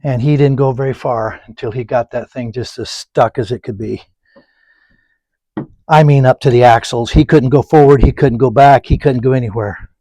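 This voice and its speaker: A man teaching oil painting, rambling through folksy anecdotes and muttering softly to himself while he paints. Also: medium pitch, fairly even intonation, moderate pace, dry recording. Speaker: painting instructor. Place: painting studio.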